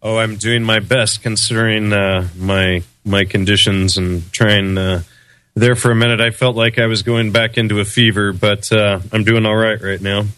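Bright-voiced man as a chatty radio guest. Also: on the low side, flat delivery, normal speed, clean tone, no room sound. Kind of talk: conversational interview answers.

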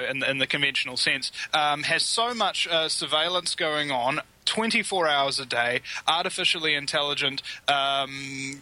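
A man in a casual conversation, speaking haltingly with many fillers as he works through his thoughts. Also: a little high, sharp tone, poor audio. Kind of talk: casual chat.

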